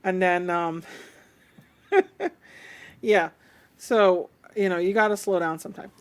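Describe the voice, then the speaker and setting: A woman's voice: on the low side, slow, smooth. A woman with an alto voice, hosting a casual chat and explaining things in a chatty way. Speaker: host.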